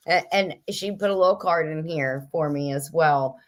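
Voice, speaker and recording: A woman's voice: low-pitched, measured pace, few pauses. A middle-aged woman hosting a casual livestream, reading viewer comments aloud in a chatty, kooky way, a little stuffy and headachy. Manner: chatty, kooky, laughs often. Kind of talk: casual chat.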